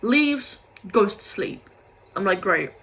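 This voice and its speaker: A young woman speaks slowly in a sing-song, slightly bright, medium-pitched voice with vocal fry, venting frustration in a rambling vlog rant. She swears often and says "like" constantly, and the recording sounds rough.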